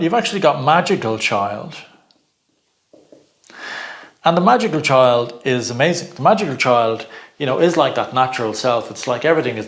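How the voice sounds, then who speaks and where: Man, middle-aged, informal coaching talk, chatty, frequent laughs, halting repeats, mid-pitched voice. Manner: chatty, laughs often, repeats words while searching. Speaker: personal growth coach.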